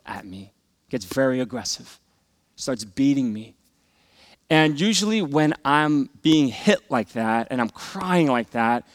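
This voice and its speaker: A man's voice: mid-range voice, no echo. A middle-aged man tells a personal story from the pulpit, earnest and emotional. His voice sits in an ordinary middle register. The sound is close and dry, with no room around it. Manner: earnest, emotional storytelling that swings from loud to hushed. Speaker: pastor. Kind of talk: sermon testimony.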